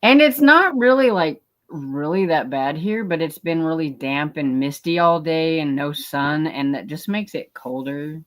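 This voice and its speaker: Low-voiced woman reading out chat comments. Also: measured pace, few pauses. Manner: reads comments aloud with light laughs. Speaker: host of a reading sprint livestream.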